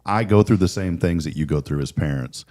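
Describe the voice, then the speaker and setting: A man's voice: low-pitched, brisk, a little mellow. A man hosting a casual talk show, chatty and earnest, often repeating words as he starts a sentence. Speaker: host.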